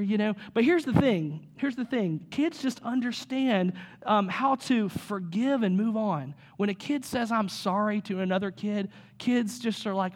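A man in his thirties, a pastor, preaching a sermon in an energetic, conversational way with rhetorical questions. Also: sits high, normal speed.

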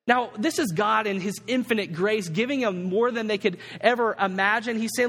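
A man preaching with a high speaking voice, relaxed and conversational, dropping jokes between scripture readings. His voice carries a long reverb, as in a large church. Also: a little fast, few pauses. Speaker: pastor. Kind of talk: sermon.

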